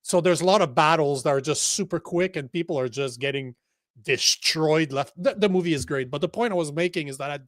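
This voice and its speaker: A man co-hosting a casual political podcast, excitable and swearing often, laughing easily. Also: a little high, fairly quick, no echo, clean studio sound. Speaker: co-host.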